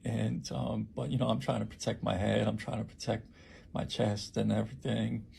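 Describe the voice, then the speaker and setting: Raspy gravelly guy telling what happened to him, lots of ums and restarts, dark low voice. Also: little pitch movement, slight background noise. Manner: halting, many fillers and restarts. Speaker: homeless shelter worker. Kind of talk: personal account of an attack.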